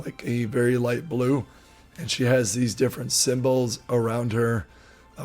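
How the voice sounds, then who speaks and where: A man narrates as game master of a tabletop game, describing scenes in a relaxed, rambling way with plenty of fillers. His voice sits at an ordinary middle pitch. Faint music plays underneath.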